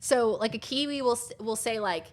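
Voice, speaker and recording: A woman's voice: fairly high pitch, normal speed. A woman chatting casually while live-streaming a game, rambling and filling her talk with "like".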